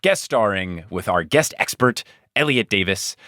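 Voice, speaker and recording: A playful man hosts a casual podcast chat, laughing easily between lines. His pitch swings widely from low mutters to high bursts, and the sound is close and dry with no room echo. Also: lively intonation, measured pace, bright, forceful tone. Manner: chatty, laughs often, playful. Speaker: podcast co-host.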